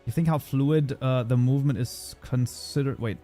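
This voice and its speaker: A man with a German accent hosts a casual livestream tutorial, talking at an ordinary middle pitch. He chats loosely as he goes, reading viewer comments aloud and replying to them. Faint music plays underneath his voice. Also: normal speed, warm tone. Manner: chatty, reads viewer chat aloud and answers it. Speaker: modding streamer.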